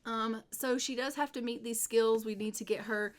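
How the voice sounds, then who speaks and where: A woman's voice: fairly high pitch, fairly even intonation, moderate pace. A woman narrating her life-sim gameplay in an upbeat, casual way, often repeating "go ahead.". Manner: upbeat, repetitive "go ahead" phrasing. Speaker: gameplay video creator.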